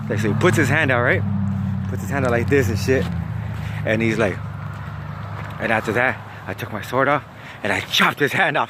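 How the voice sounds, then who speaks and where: A man's voice: mid-range voice, moderate pace, pauses often, noisy background. Profane storyteller man. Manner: profane, slangy, lively, laughs at his own story. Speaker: vlogger telling a story. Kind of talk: casual storytelling.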